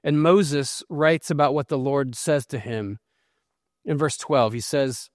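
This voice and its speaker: A man's voice: medium pitch, slow, no echo, clean studio sound. A man preaching an expository sermon, earnest and emphatic as he explains and reads scripture. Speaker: pastor.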